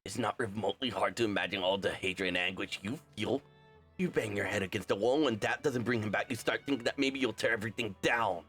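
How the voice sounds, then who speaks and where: A young man reading a game's story aloud and voicing every part, animated and quick to correct his own slips. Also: on the low side, soft background music. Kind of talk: game script readthrough, voicing all parts.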